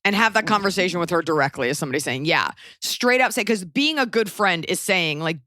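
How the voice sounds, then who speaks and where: Woman podcast host rambling thru advice, blunt and jokey, bright punchy voice, dry close sound. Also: on the low side, animated, fast, few pauses, no room sound. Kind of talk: casual advice chat.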